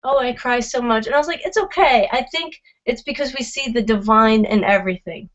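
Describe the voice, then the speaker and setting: A woman in a casual group chat, rambling and chatty and quick to laugh. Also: on the high side, muffled recording. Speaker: group participant.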